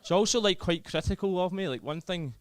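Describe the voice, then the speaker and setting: A man's voice: high voice, a little fast, no room sound. A young Scottish man with a Scottish accent performing a self-deprecating, chatty stand-up comedy set. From Scotland.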